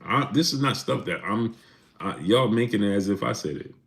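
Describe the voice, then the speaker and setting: This boxing livestream host has a deep, gravelly voice and talks animatedly at normal speed. He chats casually while going through super chats, calling out viewers by name, talkative and quick to get defensive.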